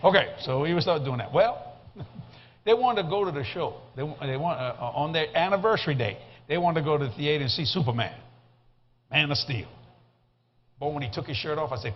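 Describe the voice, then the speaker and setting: Animated folksy preacher with a South Louisiana accent. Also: male voice, fairly high pitch, fairly quick, slight background noise. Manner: animated, folksy, comic storytelling. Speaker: guest preacher. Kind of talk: sermon storytelling. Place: church service. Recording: slightly muffled recording.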